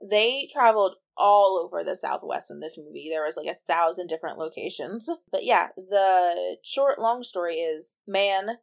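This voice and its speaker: A woman's voice: lowish voice, normal speed, gravelly, few pauses. A young woman co-hosting a casual podcast, chatty and self-mocking as she recounts stories. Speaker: podcast co-host. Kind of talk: casual chat.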